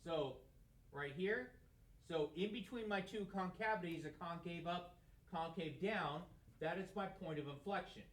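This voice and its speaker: A man's voice: sits high, a little slow, a bit bright. A man giving a math lecture in a classroom, talking casually and asking questions that he answers himself. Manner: conversational, asks questions and answers them himself. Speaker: math teacher. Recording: echoey room.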